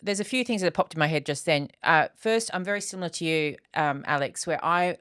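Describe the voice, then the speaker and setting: Reflective woman with a lower voice. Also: a little fast, fairly bright tone, smooth, no echo, clean studio sound. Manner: earnest, reflective, with many restarts. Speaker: podcast co-host. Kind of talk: casual chat.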